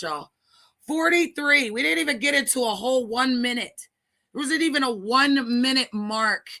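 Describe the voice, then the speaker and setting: A woman's voice: on the high side, sharp tone. A woman hosting a livestream, giving casual profane commentary in a crude, mocking way and laughing often. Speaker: livestream host.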